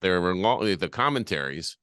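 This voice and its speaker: A male podcast host asking questions in a bright voice with a lively, varied pitch. The sound is dry and close, with no room around it. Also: normal speed, no room sound. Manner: short encouraging interjections. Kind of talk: interviewing.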